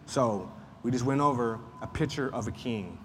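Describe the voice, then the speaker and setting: A man's voice: mid-range voice, moderate pace. A man teaching a Sunday school Bible class in a conversational way, repeating points and using frequent fillers. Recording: faint noise, long room reverb.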